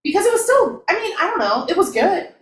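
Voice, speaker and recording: A woman's voice: very high-pitched, roomy sound. A woman co-hosting a casual book review, gushing and laughing a lot as she talks. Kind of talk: casual chat.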